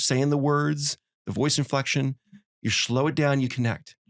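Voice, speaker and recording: A man hosting a podcast, chatting casually and acting out little quoted lines as he tells stories. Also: medium pitch. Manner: fast, animated storyteller acting out quotes. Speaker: podcast host. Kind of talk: casual conversation.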